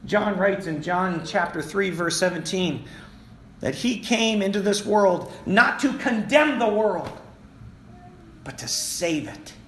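A man's voice: high voice, animated, slow pace, a bit bright, a little hiss or hum. A male pastor preaching a sermon in an emphatic, repetitive style, calling out to his congregation. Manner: emphatic, repeats key phrases, addresses the congregation. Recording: echoey room with faint ambience.

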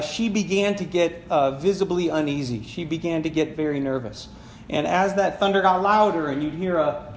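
A man preaching a sermon as a conversational personal story, with many fillers and laughing at himself. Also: high-pitched. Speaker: pastor. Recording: echoey room with faint background noise.

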